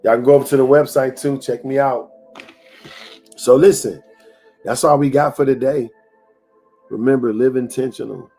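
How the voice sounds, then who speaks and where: A man hosts a motivational livestream and speaks straight to his viewers. His voice sits at a middle pitch, and he repeats his phrases in a preacher-like way. Faint music plays behind him. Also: steady tone, moderate pace, long pauses, mellow, husky. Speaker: host of a live-streamed motivational show. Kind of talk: live-stream motivational talk.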